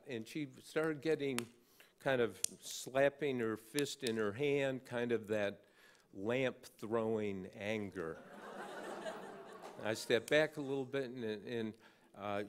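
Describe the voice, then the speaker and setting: A man's voice: medium pitch, slow, slight background noise. An older man giving an award acceptance speech, telling an anecdote with dry, wry humor. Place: large banquet hall with an audience.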